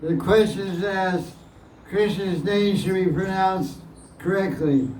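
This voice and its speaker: A man with a high voice teaches slowly, repeating his phrases and chuckling as he answers devotees' questions. He sounds set back from the mic in an echoey room with a faint hiss behind him. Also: a little mellow, recorded from a distance. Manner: plain-spoken, repeats phrases, chuckles often. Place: indoor gathering room.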